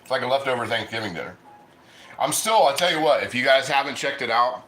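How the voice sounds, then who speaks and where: A man's voice: medium pitch, animated, fast, bright, forceful tone, reverberant. A man hosting a casual cooking livestream, chatting loosely and eating as he talks. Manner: chatty, rambling, eats while talking.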